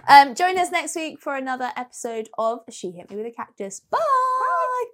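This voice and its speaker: A woman's voice: sits high, lively intonation, a little fast. A young woman co-hosting a podcast, asking questions and making dry, playful quips. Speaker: podcast co-host. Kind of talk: casual chat.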